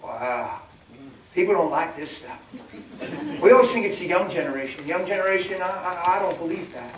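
A middle-aged man preaching a sermon as pastor, emphatic and humorous, acting out little scenes for his congregation. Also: fairly high pitch. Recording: echoey hall from far off with congregation noise.

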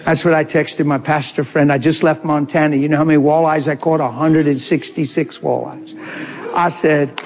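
A man telling a story in a sermon, animated and laughing often as he talks. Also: a little high, moderate pace. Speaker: preacher. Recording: long hall reverb.

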